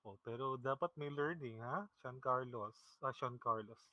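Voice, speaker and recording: A man's voice: medium pitch, moderate pace, few pauses, no room sound, lo-fi sound. A man with a Filipino accent teaching a math class online, casual and chuckling, often checking in with "okay?". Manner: mixes English and Tagalog, often checks with "okay? no?".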